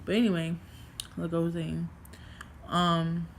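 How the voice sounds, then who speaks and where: A woman's voice: on the low side, level tone, unhurried, gravelly, a little hiss or hum. A young woman from New York vlogging casually at home, rambling through a story with lots of fillers and swearing.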